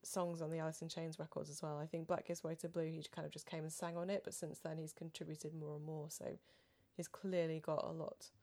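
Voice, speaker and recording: A woman with a slightly low voice co-hosts a podcast, chatting casually into a studio mic. She muses and rambles, letting her sentences trail off quietly. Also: little pitch movement, a little fast, few pauses. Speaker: podcast co-host. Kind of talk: casual chat. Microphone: studio microphone.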